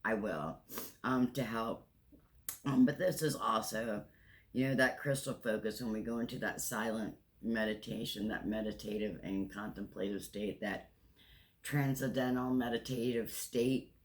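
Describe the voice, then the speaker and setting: Speaking a little slowly with a fairly low pitch and fairly even intonation, a man in his 60s offers a spiritual tarot reading monologue. He comes across as earnest, encouraging and emotional, sometimes tearful, and often restarts and repeats phrases.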